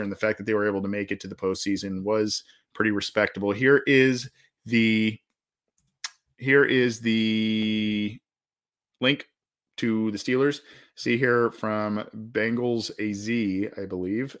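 A man's voice: on the low side, bright, forceful tone. A man hosting a sports podcast, talking casually and rambling, with many restarts and fillers. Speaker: podcast host.

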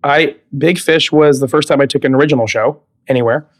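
Animated man telling stories with laughs. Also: fairly high pitch, fairly quick. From California. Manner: animated storyteller, laughs often, acts out quoted dialogue. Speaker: guest, Broadway actor. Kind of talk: casual interview chat.

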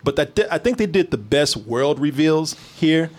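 A man hosting a casual chat, animated, swearing freely and laughing often. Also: fairly high pitch, normal speed.

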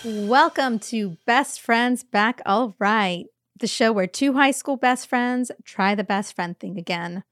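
A woman's voice: a little high, slow pace, few pauses, fairly bright tone, no echo, faint music behind. Chatty, upbeat woman podcast co-host. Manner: enthusiastic, laughs often. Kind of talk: casual chat. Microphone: remote recording, dry sound.

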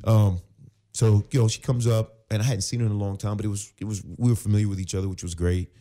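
Male guest, around 40, deep and dark-toned, animated storyteller who plays out the dialogue himself. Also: quick pace. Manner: animated storyteller who acts out both sides of conversations. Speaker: podcast guest, actor and former pro football player. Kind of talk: casual storytelling interview.

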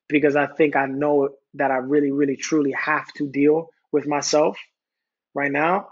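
A man in his thirties, a podcast guest talking candidly and haltingly, often repeating words and restarting his sentences. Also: fairly high pitch, level tone, highs cut off. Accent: New York. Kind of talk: candid conversational talk.

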